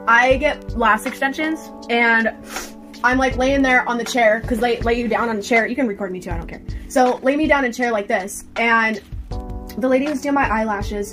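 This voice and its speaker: Woman, casual testimony, earnest, filler-heavy, slightly high voice. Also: brisk, over music. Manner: rambling, says "like" constantly; earnest and emphatic. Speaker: storyteller.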